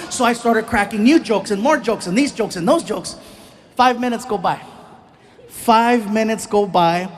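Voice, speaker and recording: A middle-aged man telling a story on stage as a stand-up comedian, animated, acting out characters and laughing at his own jokes. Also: high voice. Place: stage in a theater. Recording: live show, faint crowd behind.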